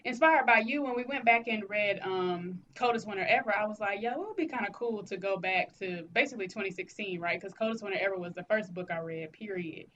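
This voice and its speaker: A woman co-hosting a podcast in casual chat, talking in an animated, teasing, slangy way. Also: medium pitch, fairly quick, hardly any pauses, highs cut off, slight background noise. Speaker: podcast co-host.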